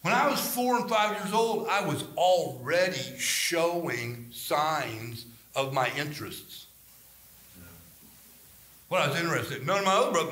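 A man leads a Bible study, wandering through anecdotes and acting out scripture scenes with animation. His voice is bright and forceful and sits a little higher than most men's. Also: roomy sound. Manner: animated, rambling storytelling with dramatized scripture.

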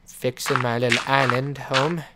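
A man's voice: mid-range voice, level tone, a little slow, heavy background noise. A man giving casual commentary on his survival game, rambling with fillers and melodramatic mock apologies. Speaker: gameplay commentator. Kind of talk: casual let's-play commentary. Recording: game music playing behind. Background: game background music.

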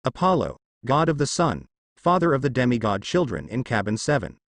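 A man's voice: medium pitch, sing-song, brisk, no room sound. A man voicing a cheerful, friendly teenage demigod boy who talks in an upbeat, reassuring way.

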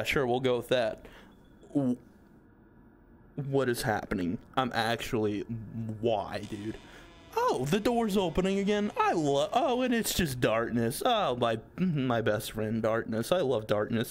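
This young man's medium-pitched voice is very animated and a little slow, with a faint hiss or hum in the audio. His let's-play commentary on a horror game is nervous and jumpy, full of swearing and pleading at what he sees.

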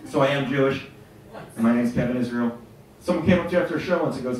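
A man's voice: medium pitch, fast, a little mellow, slight background noise. A middle-aged man doing stand-up comedy, telling stories in a punchy, profane way. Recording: echoey room, mic from far off.

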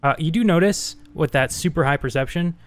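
A man's voice: a little high, a little fast. A young man narrating as dungeon master, hesitant and full of fillers. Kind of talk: narrating a tabletop game.

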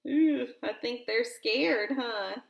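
A woman reads a counting picture book aloud, very slowly and with expression, stopping to ask a child gentle questions. Her voice sits a little high. A roomy echo hangs around it. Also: creaky.

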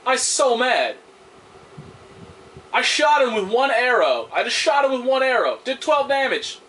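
A young man with a high, bright, sharp voice talks through a video game in a loose, rambling way. He grumbles and swears in frustration. Faint game sound hums behind him. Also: sing-song, normal speed, slight background noise. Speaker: gameplay commentator. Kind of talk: casual let's-play commentary.

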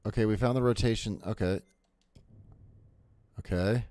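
A man's voice: fairly low pitch, normal speed, darkish tone, no echo. A man streaming a horror game, chatting casually to viewers, jokey and swearing as he plays. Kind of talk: casual live game commentary.

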